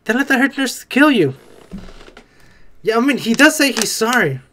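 A man's voice: extremely high pitch, big pitch swings, normal speed, a bit bright, a little hiss or hum. A young man talking back at the screen in casual reaction commentary, chatty and swearing now and then. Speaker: reaction video host.

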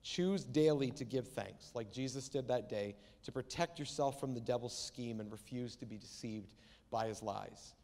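A male pastor preaching in an easy, talky way, slipping into voices for the figures he quotes. His voice sits at an ordinary pitch for a man. The sound rings with the long reverb of a church hall. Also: normal speed, darkish tone. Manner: conversational preaching, acts out Bible quotes. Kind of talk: sermon. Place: church sanctuary.

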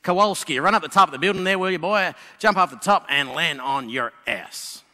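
A man putting on a brash American army general who shouts orders during a joke. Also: a little high, brisk. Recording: long hall reverb.

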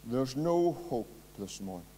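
A man preaching a sermon as pastor, swinging between loud impassioned passages and quiet low ones. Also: expressive, measured pace, husky. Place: church hall. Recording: long hall reverb.

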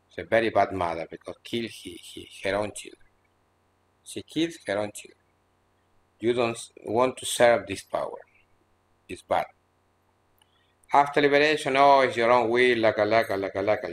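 Earnest man teaching with halting restarts. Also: on the low side, slight background noise. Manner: halting, repetitive phrasing with many restarts; earnest, admonishing. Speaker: spiritual teacher. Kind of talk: spiritual teaching in a seminar Q&A. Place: seminar room at an ashram in India.

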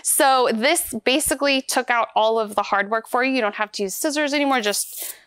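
Woman, product demo, upbeat, chatty, step-by-step, smooth clear voice, bit high. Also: a little fast, a bit bright, no echo. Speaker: vacuum store product demonstrator. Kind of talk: hands-on product demonstration.

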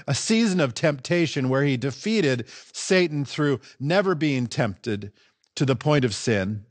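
A pastor preaches a sermon in church, emphatic and animated, his delivery rising and falling for emphasis. His voice is a little high, with no room sound.

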